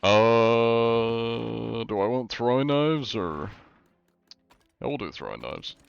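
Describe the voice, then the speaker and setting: A man's voice: medium pitch, animated, slow, gravelly, clean tone, no room sound, highs cut off. Laid-back American man chatting with viewers. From USA. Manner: laid-back, rambling, many fillers like "like". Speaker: streamer. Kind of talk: casual chat with viewers while gaming.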